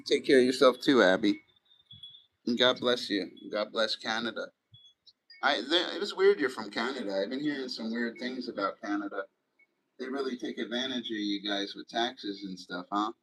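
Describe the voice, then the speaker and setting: A man's voice: medium pitch, animated, normal speed, a bit bright, low-quality recording. A middle-aged man chatting loosely on a live stream, swearing often and rambling between stories and replies to chat.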